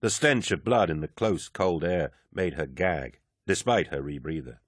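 Man reading a novel aloud, low voice, dry close sound. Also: dry recording. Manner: measured, low-key storytelling. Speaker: audiobook narrator. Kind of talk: scripted narration.

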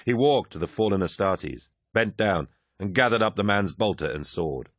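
A man narrating an audiobook in a measured, dramatic storytelling manner. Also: on the low side, animated, no room sound, clean studio sound.

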